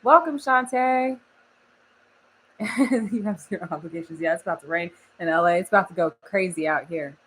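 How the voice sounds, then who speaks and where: A woman's voice: on the low side, steady tone, fast, hardly any pauses, slight background noise, rough recording. Chatty young woman on a casual live stream. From Oklahoma. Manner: chatty, laughs often, reads chat aloud. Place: home studio.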